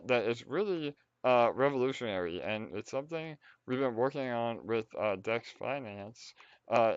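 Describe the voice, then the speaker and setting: A man hosting a casual project update on a call, halting and full of fillers. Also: mid-range voice, smooth, dry recording, lo-fi sound.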